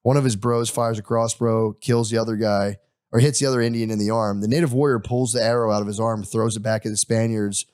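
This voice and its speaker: A man's voice: on the low side, fairly even intonation, fairly quick, darkish tone, clean tone, no room sound, studio quality. A young man hosting a podcast, casually retelling a history story with crude humor and voiced quotes.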